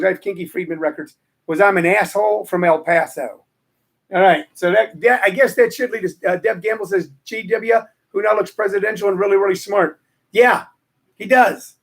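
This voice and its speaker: Rambling high-voiced male host. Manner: rambling, opinionated, lots of fillers and repeats. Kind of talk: casual storytelling chat.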